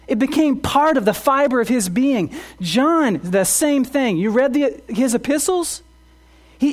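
A man's voice: extremely high pitch, darkish tone. A man preaching a sermon as pastor, earnest, asking the congregation rhetorical questions and often restarting his words.

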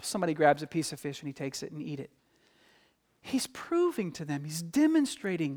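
A man preaching a sermon in a church, animated and acting out quoted voices. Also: a little high, fairly quick. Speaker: pastor. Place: church sanctuary. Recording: long hall reverb.

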